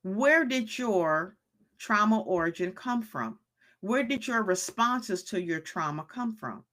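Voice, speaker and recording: Forceful, bright-voiced woman streaming live. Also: mid-range voice, sing-song, slow. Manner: preachy, repeats questions, reads chat comments aloud. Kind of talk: motivational live-stream talk.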